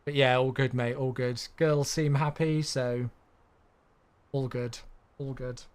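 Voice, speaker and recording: A man chatting easily on a live stream while he flies a sim, with a middling voice pitch. He is a bit sleepy, answering his chat casually with friendly fillers. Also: fairly even intonation, slow pace. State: sleepy, yawning.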